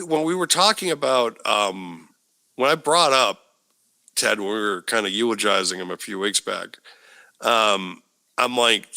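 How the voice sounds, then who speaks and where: A man's voice: lowish voice, bright, forceful tone. A man hosting a podcast in casual chat, laughing easily, swearing freely and repeating himself for emphasis. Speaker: podcast host.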